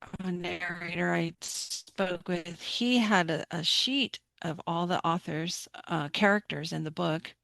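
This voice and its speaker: Gravelly-voiced woman podcast host. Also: fairly low pitch, slow, a bit bright, dry recording, studio quality. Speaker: podcast host, indie author. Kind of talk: podcast interview.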